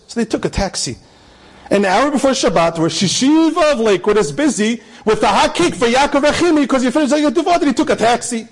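A man's voice: high-pitched, lively intonation, quick pace, husky. A man telling an inspirational story, emphatic and repeating key phrases, with Hebrew terms mixed in. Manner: sprinkles Hebrew and Yiddish terms.

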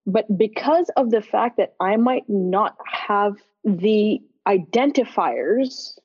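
A woman's voice: mid-range voice, lively intonation, slow, slightly rough, no room sound. A woman from Dublin hosting a casual conversation and speaking in a reflective, earnest way. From Dublin, Ireland. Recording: dry, slightly dull recording.

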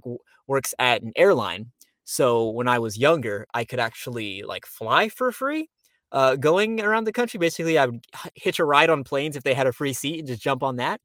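A man's voice: mid-range voice, a bit bright, no room sound, studio quality. A young man from Florida, a voice actor guest, chatting loosely with lots of fillers in an interview. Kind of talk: casual interview.

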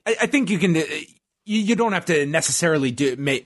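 A man's voice: on the high side, animated, fast talker. A man co-hosting a podcast, casually recapping a show in a rambling, stop-start way with lots of fillers. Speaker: podcast co-host. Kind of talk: casual wrestling recap chat.

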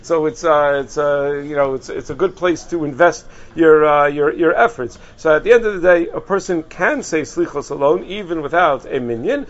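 A man with a fairly high voice explains points of Jewish law in a loose, conversational lesson. He pauses on fillers and repeats words as he thinks aloud. The recording sounds muffled and lo-fi. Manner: conversational, many fillers and restarts. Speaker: rabbi teaching halacha. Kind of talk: informal Torah lesson.

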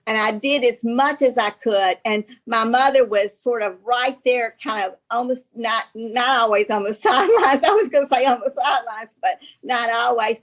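Chatty Southern woman telling stories. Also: on the high side. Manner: halting, with restarts and frequent laughs. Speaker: author guest on a panel. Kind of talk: casual storytelling talk.

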